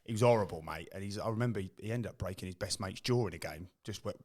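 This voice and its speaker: A middle-aged English man, a former footballer, telling lively stories on a podcast and acting out the quotes. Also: fairly low pitch, fast talker. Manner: animated storyteller, acts out quotes. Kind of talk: casual chat.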